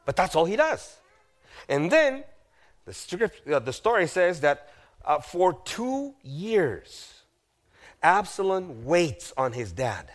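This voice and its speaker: A male pastor preaching a sermon, retelling a story with drama, asking the audience questions and dropping to a hushed voice at grave moments. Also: sits high, sing-song, slow pace, pauses often. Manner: dramatic, acts out the figures in quoted lines, asks the audience questions.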